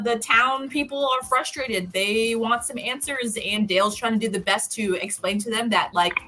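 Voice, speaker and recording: A woman co-hosting a podcast, recapping a TV episode in a casual, animated and profane storytelling way. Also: on the high side. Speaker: podcast co-host.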